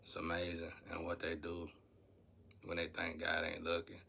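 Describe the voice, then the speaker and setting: A man with a low, gravelly voice and a bright, forward edge to it talks. He rambles and preaches to his viewers in a loose, unscripted monologue. Faint noise sits behind the recording. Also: monotone, moderate pace. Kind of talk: casual spiritual monologue to viewers.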